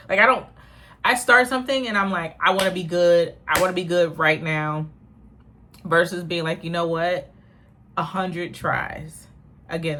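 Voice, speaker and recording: A woman's voice: mid-range voice, fairly bright tone. A woman comedian talking casually to her camera at home, rambling and self-mocking with frequent laughs. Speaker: stand-up comedian. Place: home in New York without central air.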